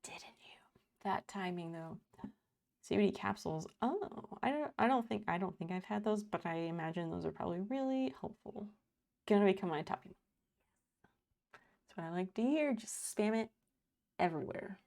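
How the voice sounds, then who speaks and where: A woman's voice: mid-range voice, expressive, normal speed, gravelly, a little mellow. A woman in her thirties, a live streamer, chatting casually and rambling while she reads her chat aloud and swears freely. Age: 30s.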